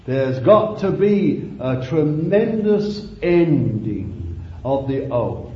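Male preacher, high voice, slow impassioned sermon, roomy lo-fi church recording. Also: sing-song. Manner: impassioned, rising and falling, drawn-out phrases.

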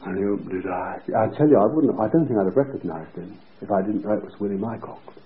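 A man preaching through a story, his pitch rising and falling in wide, animated swings. He moves from near-whispers to loud, vivid telling. The sound is narrow and phone-like, as from an old tape. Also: fast. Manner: vivid, acts out quoted voices, swings between hushed and shouting. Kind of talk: sermon storytelling. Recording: lo-fi phone-like recording.

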